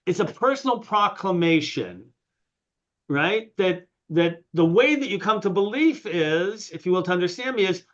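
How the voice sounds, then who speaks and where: Male class leader, slightly high voice, muffled call audio, calls on readers between fillers. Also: expressive, normal speed, a bit bright. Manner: calls on students to read, asks questions, fillers. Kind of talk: online study class. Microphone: video call.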